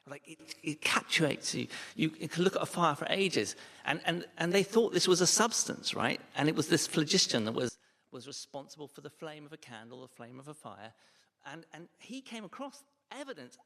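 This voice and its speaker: Gravelly man telling science history. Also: on the high side, very animated, normal speed, fairly bright tone. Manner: storytelling, enthusiastic. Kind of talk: casual panel chat. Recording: reverberant hall.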